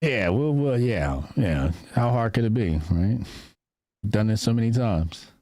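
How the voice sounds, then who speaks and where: Animated mocking man on a podcast. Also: lowish voice, measured pace, no echo. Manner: animated, mocking, mimics others. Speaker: podcast co-host. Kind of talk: casual podcast commentary.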